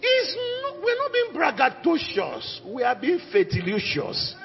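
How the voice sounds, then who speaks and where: A male pastor preaching a fiery sermon, dropping low and then shouting out declarations. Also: wildly swooping pitch, a little slow, vocal fry. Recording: echoey hall with dull sound and faint music.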